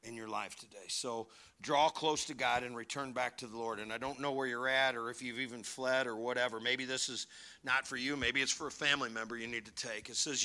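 A man preaching a sermon, telling stories and swinging from hushed asides to near-shouting. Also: medium pitch, fairly even intonation, brisk. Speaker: pastor.

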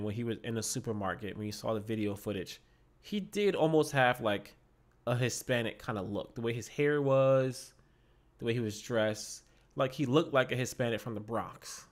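A man co-hosting a podcast, chatting casually about a film, excitable and often repeating words as he goes. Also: medium pitch. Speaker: podcast co-host. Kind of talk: casual movie review chat. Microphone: podcast microphone.

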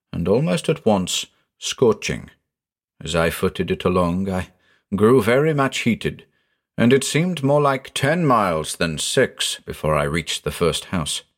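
A man narrating a ghost story in a measured, expressive storytelling manner. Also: low voice. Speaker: audiobook narrator and channel host.

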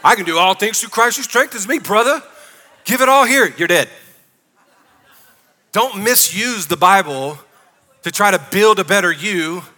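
A man preaches to his congregation, emphatic and often calling out to them for a response. His voice is forceful and bright, sitting a little high. The sound carries the long reverb of a church sanctuary. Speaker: pastor. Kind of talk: sermon.

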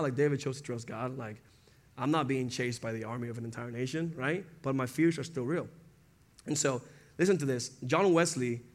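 A man's voice: mid-range voice, moderate pace. A young man preaching a casual sermon, talking conversationally, acting out quotes and laughing often.

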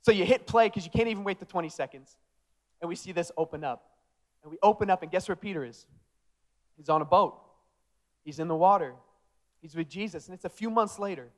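A young man delivers a lively sermon in a high, bright-sounding voice. He acts out the dialogue of the disciples in casual modern slang, then swings back to earnest, direct appeals to his listeners. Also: fairly quick, pauses often. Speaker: pastor.

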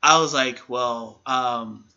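A man's voice: mid-range voice, slow pace. A young man co-hosting a podcast, telling a story in a casual chat, acting out what people said and swearing freely. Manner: animated storyteller, acts out quotes, swears freely. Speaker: podcast co-host. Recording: lo-fi podcast recording.

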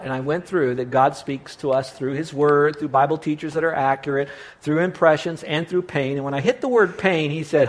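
A male pastor delivers his sermon in a somewhat high-pitched voice. He preaches emphatically and slows down to lean on the verses he quotes.

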